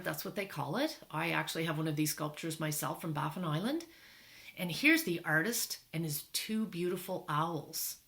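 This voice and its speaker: A woman reading a picture book aloud to children, teaching syllables slowly and clearly, stretching out words to clap them. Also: low-pitched, a bit bright, reverberant. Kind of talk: read-aloud lesson for children.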